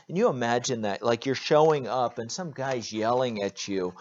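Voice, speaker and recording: A man preaching a sermon as pastor, earnest and direct, often pausing on "uh" and restarting his words. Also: mid-range voice. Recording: dull lo-fi recording.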